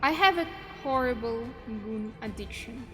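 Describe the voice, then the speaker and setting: Playful woman streamer with lively pitch. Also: a little slow. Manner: playful, teasing, laughs often. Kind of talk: casual stream chat reading viewer messages. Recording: roomy reverb with music behind.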